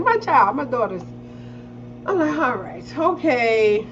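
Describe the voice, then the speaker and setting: A middle-aged woman telling a family story in casual chat, acting out the quotes and swearing freely. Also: slow. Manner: animated, acts out quotes with big pitch jumps. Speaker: podcast co-host. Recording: slightly dull lo-fi audio with faint hiss.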